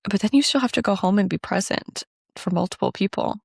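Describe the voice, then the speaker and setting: A woman's voice: medium pitch, a little fast, creaky, husky, no echo, clean studio sound. A woman co-hosting a podcast in casual chat, talking freely and saying "like" and "dude" a lot. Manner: chatty, conversational, says "like" and "dude" often. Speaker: podcast co-host.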